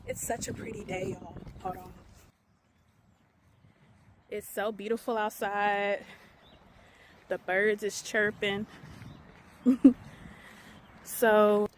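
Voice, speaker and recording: A young woman vlogs casually to a hand-held phone or camera, moving around her home, up the stairs, and outdoors, her voice mid-range and steady but extremely slow, with frequent pauses and slight background noise. She's chatty and talks straight to her viewers, often calling them "y'all" and saying "child," and sometimes drops to a half-whisper to keep her business private.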